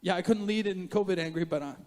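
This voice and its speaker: A fast-talking man with a high voice preaches a sermon in a big church sanctuary, a passionate pastor in full flow. His delivery is animated, swinging from quiet asides to loud, emphatic rises, with jokey, self-mocking remarks along the way.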